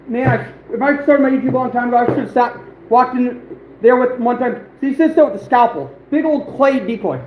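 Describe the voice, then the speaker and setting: A man's voice: extremely high pitch, narrow, tinny audio. A man hosting an outdoors livestream, chatting casually and rambling with many fillers as he talks to viewers. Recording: roomy echo, faint background noise.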